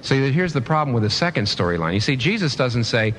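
Animated male preacher, lively pitch. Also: a little fast, a little hiss or hum. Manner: animated preaching with rhetorical questions and restarts. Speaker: pastor. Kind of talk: sermon.

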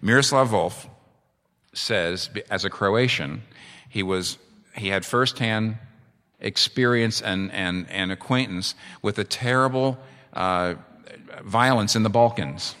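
A man's voice: on the low side, takes it slowly, sharp tone. A man preaching a sermon with passion, his voice climbing sharply when he drives a point home. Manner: impassioned, rises sharply for emphasis. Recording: long reverb of a large hall.

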